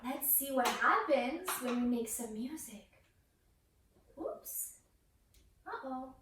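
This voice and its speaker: A young woman with a high voice talks slowly in a sing-song way as she coaxes a toddler through yoga poses. She sounds far from the microphone. The room around her has a heavy, ringing echo. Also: expressive, fairly bright tone, slight background noise. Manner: sing-song, coaxing talk to a small child. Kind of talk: playful class led with a toddler. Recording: roomy echo, voice from far off the mic.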